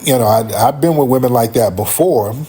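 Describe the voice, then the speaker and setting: A middle-aged man hosting a livestream, telling a comic story in a rambling, profane, animated way. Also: medium pitch, brisk, breathy edge. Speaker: livestream host.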